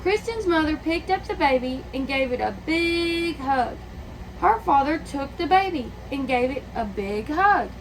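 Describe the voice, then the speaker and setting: Woman reading a kids' picture book out loud, high voice, takes it slow, stops to ask the kids stuff. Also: lively intonation, slight background noise, poor audio. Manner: pauses to ask listeners questions. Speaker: teacher reading aloud. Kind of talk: picture book read-aloud.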